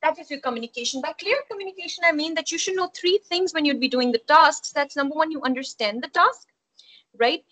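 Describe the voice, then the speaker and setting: A woman's voice: high-pitched, fairly quick, bright, forceful tone, low-quality recording. A woman tutoring an online speaking-exam class, explaining at length and often checking understanding with "right?". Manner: explanatory, repeats key points, frequent "right?" checks. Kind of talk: live online lesson.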